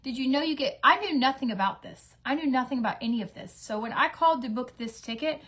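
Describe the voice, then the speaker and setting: A woman's voice: high-pitched, fast, fairly bright tone, breathy edge. A woman in her thirties chatting casually at home while getting ready, rambling with fillers and acting out bits of dialogue. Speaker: beauty vlogger. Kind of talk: casual get-ready-with-me chat.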